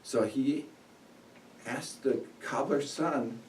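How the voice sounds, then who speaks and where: A man's voice: medium pitch, expressive, a little slow, darkish tone. Male speaker reciting a fairy tale with big swells, recorded from afar in a reverberant room. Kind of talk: memorized storytelling speech. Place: meeting room. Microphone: room mic from a distance. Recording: echoey room, distant mic.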